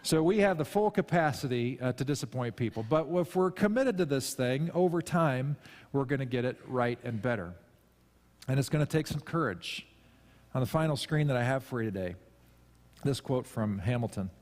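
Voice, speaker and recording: Male pastor, mid-pitched, casual sermon delivery, long church reverb. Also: animated, normal speed, darkish tone. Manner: conversational and self-deprecating, with emphatic rises. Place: church sanctuary.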